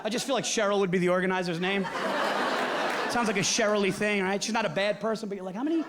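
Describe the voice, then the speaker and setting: A male stand-up comedian performing on a theater stage, ranting with constant profanity and swinging from hushed asides to shouting. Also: high voice, steady tone, fast talker. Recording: live audience laughter and room noise.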